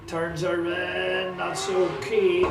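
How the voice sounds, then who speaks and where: A Scottish man calls a car sprint live, chatty and excitable. His voice sits a little high and sounds set back from the mic in a roomy space. Engines and outdoor ambience roar behind him. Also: extremely slow. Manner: chatty, excitable, talks to a companion. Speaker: motorsport commentator. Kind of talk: live race commentary. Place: at a sprint track. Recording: roomy, distant mic with loud car noise.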